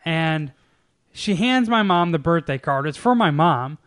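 A man's voice: a little high, expressive, unhurried, fairly bright tone. A young man chatting casually with a friend, telling a rambling, profane story and laughing often. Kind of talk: casual chat.

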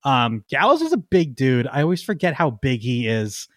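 A man co-hosting a podcast in casual chat, excitable, laughing often and trailing off with ums. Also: mid-range voice, moderate pace, no echo, studio quality. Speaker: podcast co-host.

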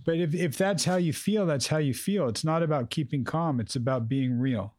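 A man's voice: on the high side, normal speed, darkish tone. A man guiding a grieving guest in a direct, probing and emphatic way. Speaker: host, counselor. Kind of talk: therapeutic conversation.

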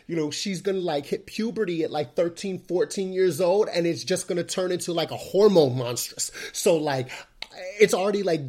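Chatty upbeat male podcast host. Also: fairly high pitch. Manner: energetic and chatty, with lots of fillers. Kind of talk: casual solo podcast talk.

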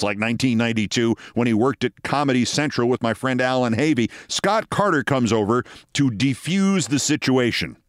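A man in his sixties, a host telling a long story in a wry, deliberate way. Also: mid-range voice, dry recording, studio quality. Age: 60s. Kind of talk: storytelling monologue.

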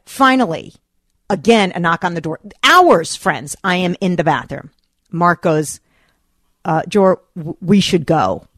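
A middle-aged woman hosting a talk radio show, telling a personal story in an animated way and acting out her own past lines. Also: fairly low pitch, no room sound, studio quality.

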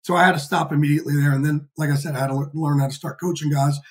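A man in his fifties, a podcast guest telling lively, profane stories in a casual interview. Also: on the high side, racing. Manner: energetic, profane, animated storyteller. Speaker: podcast guest, sports insider.

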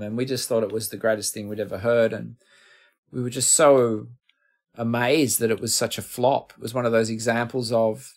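A middle-aged man with an Australian accent, a guest musician telling rambling, self-deprecating stories in a casual interview. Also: mid-range voice.

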